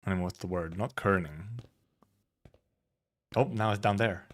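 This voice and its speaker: A man with a lowish, fairly bright voice streams a live read-through of a game story, reading the lines plainly at a measured pace with long pauses. Now and then he breaks off for wry, chatty asides.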